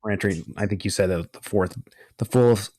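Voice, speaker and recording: A man chatting as a podcast guest, pausing often with fillers between thoughts. His voice is on the low side, and the microphone sounds dry and close. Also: little pitch movement, a little mellow, no room sound. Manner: hesitant, filler-heavy, laughing banter. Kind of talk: casual podcast chat.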